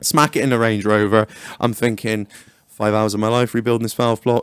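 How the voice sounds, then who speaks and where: A man's voice: medium pitch, brisk, clear, resonant tone, dry recording. Young guy podcast host, swears a lot, acts out his stories, dead dry mic. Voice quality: sweary, animated storyteller who acts out his own lines. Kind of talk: casual chat.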